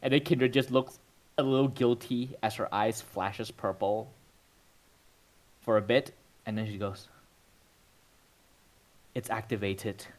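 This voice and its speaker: Male game master, mid-pitched, casual descriptive narration. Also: little pitch movement, unhurried, pauses often, rough recording. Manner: casual, descriptive, full of fillers like "sort of, like".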